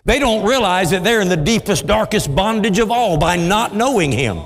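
A man preaching a sermon with impassioned, dramatic swings, dropping into deep voices for emphasis. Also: lively intonation, normal speed. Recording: long hall reverb.

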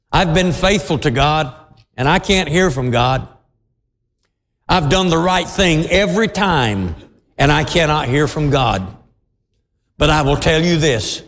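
A preacher voicing an earnest young prisoner. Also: male voice, fairly high pitch, fairly bright tone. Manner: earnest, pleading. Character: faithful young male Hebrew prisoner. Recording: long reverb of a large hall.

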